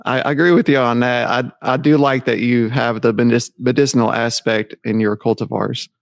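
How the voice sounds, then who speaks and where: A man with a gravelly, fry-tinged voice hosts a laid-back podcast chat. He asks questions in an easy, encouraging way. The sound is dry and close, with little room around it. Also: mid-range voice, steady tone, brisk, dry recording. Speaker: podcast host. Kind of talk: casual interview.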